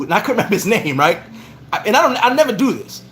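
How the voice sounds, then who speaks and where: A man's voice: high voice, fast. A man hosting a casual livestream vlog and telling stories, acting out the lines he quotes. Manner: animated storytelling, acts out quoted lines. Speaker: vlog host. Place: bar in the Dominican Republic.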